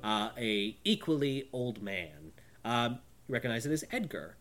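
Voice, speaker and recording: Animated game master man over music. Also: mid-range voice, unhurried. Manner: relaxed, lots of fillers. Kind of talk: narrating a tabletop game. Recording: background music.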